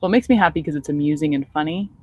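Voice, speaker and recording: A woman's voice: sits low, rapid-fire, husky, narrow, tinny audio. A middle-aged American woman, a teacher, chatting casually to her students in a vlog, laughing easily as she tells stories. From suburban United States.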